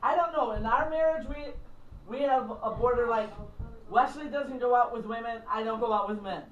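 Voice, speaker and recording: A woman's voice: fairly high pitch, moderate pace, highs cut off, soft background music. Blunt middle-aged woman, distant roomy mic. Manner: blunt, candid, acts out phone calls. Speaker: minister and counselor. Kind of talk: casual teaching talk to a small group. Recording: roomy, distant mic, faint background noise.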